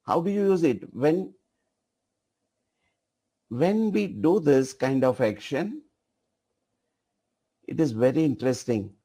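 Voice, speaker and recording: A man leads a software training session, directing an assistant and repeating his phrases as he goes. He speaks slowly with a fairly high but mellow tone. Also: animated, breathy edge. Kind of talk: live software demonstration.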